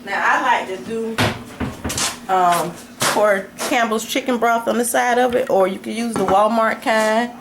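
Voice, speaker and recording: A woman's voice: on the high side, unhurried. A woman walking viewers through a home recipe in an easygoing, chatty way as she cooks in her kitchen. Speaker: home cook demonstrating a recipe. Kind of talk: casual cooking tutorial. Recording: noisy kitchen with clattering dishes and pans.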